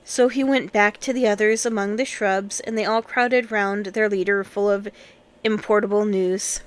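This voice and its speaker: A woman reading a classic children's novel aloud in a measured storytelling manner. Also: mid-range voice, steady tone. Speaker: audiobook reader.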